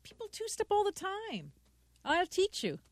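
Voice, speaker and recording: A woman's voice: very high voice, huge pitch swings, measured pace, slight background noise. A woman co-hosting a talk show in a casual chat, giggly, rambling and playfully pushy. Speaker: podcast co-host.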